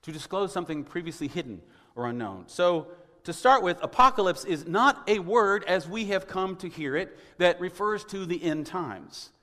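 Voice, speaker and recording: A man's voice: high-pitched, lively intonation, normal speed, sharp tone. Man preaching in a reverberant church. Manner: wry, conversational preaching with frequent throat clearing. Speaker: pastor. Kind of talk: sermon. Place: church sanctuary. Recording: long hall reverb.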